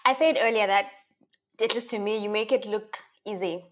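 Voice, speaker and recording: A woman's voice: medium pitch, moderate pace. Attentive woman host asking questions. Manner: attentive, encouraging backchannels. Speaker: podcast host. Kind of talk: interviewing.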